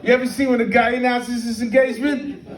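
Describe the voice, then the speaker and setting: A man's voice: extremely high pitch, fairly even intonation, brisk, a little hiss or hum. A man in his fifties doing a brash, streetwise stand-up comedy set, peppering his lines with "man". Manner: brash, streetwise, lots of "man" and shouted impressions. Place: comedy venue with live audience. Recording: echoey room, mic heard from far, crowd laughter.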